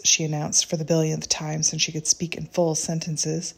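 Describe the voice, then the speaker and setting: A woman reading a reflective first-person story in a gentle, unhurried, tender way. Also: low-pitched, monotone, vocal fry, slightly rough.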